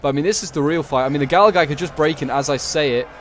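A man's voice: a little high, rapid-fire, a bit bright, slight background noise. Chatty man commentating a game. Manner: chatty, thinking aloud with frequent fillers. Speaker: gaming commentator.

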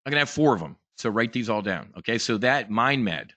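Brief: a bright, forceful male host, brash and profane, pitching stocks in a dry close sound. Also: lively intonation, brisk, no room sound. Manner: brash, profane, emphatic salesman. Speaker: trading show host. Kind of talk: hyped investing pitch.

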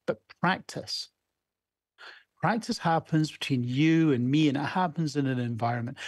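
A breathy-edged, medium-pitched male voice: a fifties-aged emergency doctor from Scotland recounting candid anecdotes, with small restarts, in a storytelling keynote over a video call. Sound is clean studio quality with no room ambience.

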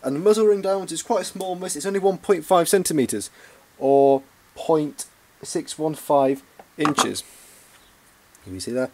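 A man's voice: on the high side, normal speed, darkish tone. A man with a Yorkshire accent hosting an informal hobby review video, talking hesitantly with frequent ums and self-corrections. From Yorkshire, England. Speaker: bayonet collector and reviewer.

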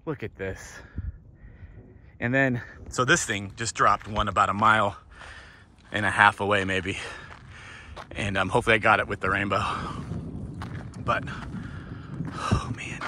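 Man, storm chaser, fairly low voice, awed outdoor commentary, handheld camera mic, clear background noise. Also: steady tone, moderate pace, long pauses, sharp tone. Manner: awed exclamations, thinking aloud. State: out of breath at times. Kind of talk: excited outdoor vlog commentary. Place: outdoors on a hillside during a storm.

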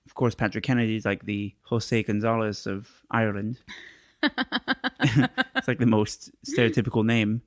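A man's voice: lowish voice, flat delivery, moderate pace, no echo, clean studio sound. A man from England co-hosting a podcast in casual chat, teasing and laughing at his own jokes. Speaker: podcast co-host.

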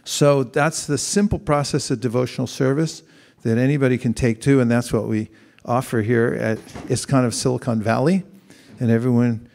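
A man's voice: mid-range voice, steady tone, moderate pace, creaky, a little mellow. Conversational man preaching to a live audience. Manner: conversational, asks the audience questions and acts out examples. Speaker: monk giving a spiritual talk.

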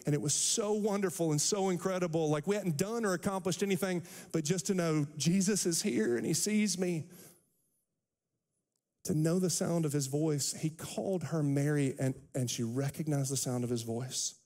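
A man pastor preaching a sermon, animated, acting out the quotes from scripture. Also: on the high side, moderate pace. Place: church sanctuary. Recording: long hall reverb.

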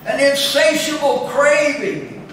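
A man preaching a sermon as pastor, slow and deliberate, lifting his voice on scripture readings. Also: very high-pitched, very animated, a bit bright. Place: church chapel. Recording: echoey chapel from a distance, faint room noise.

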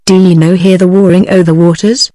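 A synthetic British English woman's voice reading the lines of a stern old male Scottish shepherd in a storybook, in a flat delivery. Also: fairly low pitch, brisk, no room sound, close to an everyday voice. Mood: warning.

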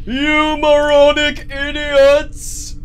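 A man doing a shrill, slow-raging dark lord. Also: monotone, faint music behind, heavily acted. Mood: furious. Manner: high, drawn-out theatrical fury. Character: shrieking villainous dark lord, male adult.

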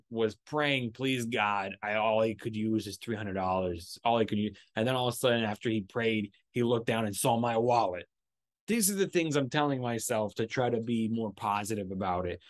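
A mid-pitched man speaks straight into a close mic in a dry, dead room. He tells a story from his own week in a loose, profane way. He jumps into voices when he quotes people. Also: no room sound. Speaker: podcast host. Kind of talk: casual solo storytelling.

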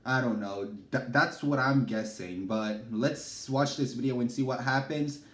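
A man's voice: medium pitch, measured pace. A man hosting a YouTube reaction video, chatting casually in hyped, slangy talk. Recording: echoey room with faint noise.

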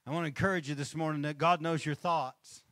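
A male pastor delivers a conversational sermon, his voice a touch higher than most men's. He keeps asking the congregation for an amen and chuckles between points. The sound is close and dry, with little room echo. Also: fairly even intonation, fast, fairly bright tone. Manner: conversational, asks the crowd for amens. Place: church stage.

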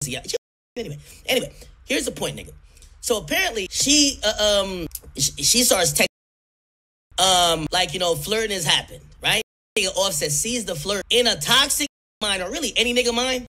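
A man's voice: high-pitched, expressive, moderate pace, bright, forceful tone. A man telling celebrity gossip in loose, profane, stumbling commentary. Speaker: streamer.

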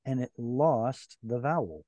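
Slow, mellow male Hebrew teacher. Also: mid-range voice, expressive, no echo. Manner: patient, explains grammar step by step. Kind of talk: online Hebrew class. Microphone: video call.

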